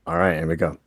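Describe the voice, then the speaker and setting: A man co-hosting a podcast, casually running a movie quote quiz and laughing often. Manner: playful, laughs often, swings widely in pitch. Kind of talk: casual chat.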